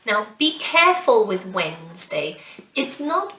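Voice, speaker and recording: A young woman teaching a beginner English class, saying words slowly and clearly, repeating them and praising the learners as she goes. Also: mid-range voice, big pitch swings, sharp tone, distant mic. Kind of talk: slow beginner language lesson with repetition. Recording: echoey room, voice somewhat off-mic.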